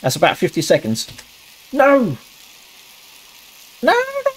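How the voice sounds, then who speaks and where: A man's voice: wildly swooping pitch, measured pace, noisy background. A man commentating a cooking game, swearing a lot and talking himself through each task. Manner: yelps high when things go wrong. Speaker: gaming channel host. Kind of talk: casual gameplay commentary.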